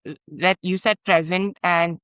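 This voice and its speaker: A woman's voice: on the low side, fairly even intonation, a little slow, dry recording, poor audio. Thoughtful woman with many fillers. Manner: thoughtful and searching, lots of "like" fillers, soft laughs. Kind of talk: casual conversational talk.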